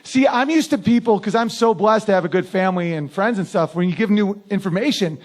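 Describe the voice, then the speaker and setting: Brash crude comic guy, pretty high voice, cracks himself up onstage. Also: a little fast. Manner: brash, crude, laughs at his own lines. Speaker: stand-up comedian. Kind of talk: stand-up comedy routine.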